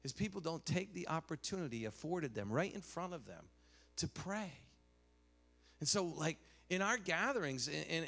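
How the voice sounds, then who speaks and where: A man preaching a sermon, telling stories animatedly, dropping to a hush and rising loud again, with many restarts. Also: on the high side, animated, normal speed, vocal fry.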